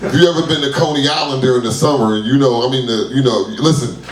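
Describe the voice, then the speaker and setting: A man, doing a loose, profane stand-up set with sudden shouted, high-pitched outbursts at an open mic. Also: fast talker, a little hiss or hum. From New York. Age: 30s. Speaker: stand-up comedian. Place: small club at an open mic. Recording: roomy club sound from a distant mic.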